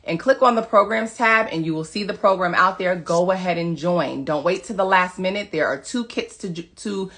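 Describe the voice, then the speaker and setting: A woman's voice: fairly low pitch, moderate pace, hardly any pauses, a bit bright. A woman wellness coach giving an emphatic, preachy motivational monologue to her followers, repeating short commands. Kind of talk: motivational social media monologue.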